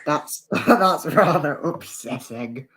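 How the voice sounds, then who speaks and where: A man's voice: fairly high pitch, expressive, slow, a bit bright, breathy edge. A British man joking and teasing in a casual livestream chat.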